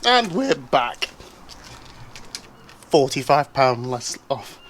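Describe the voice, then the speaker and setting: A man's voice: medium pitch, big pitch swings, very slow, a bit bright, slight background noise. A British man presenting a casual how-to vlog as a bike reviewer, chatty and wry, with jokey asides.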